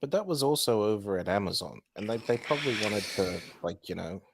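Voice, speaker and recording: A man co-hosting a podcast, chatting casually, animated and rambling with the odd swear word. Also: lowish voice, fairly quick, creaky, noisy background. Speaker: podcast co-host. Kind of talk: casual chat.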